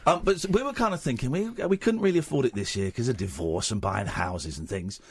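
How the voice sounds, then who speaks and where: A man's voice: mid-range voice, fairly quick, breathy edge, no room sound. A man with a British accent hosting a late-night radio talk show, joking and rambling with a guest. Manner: joking, rambling, self-mocking. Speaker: radio host. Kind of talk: casual radio chat.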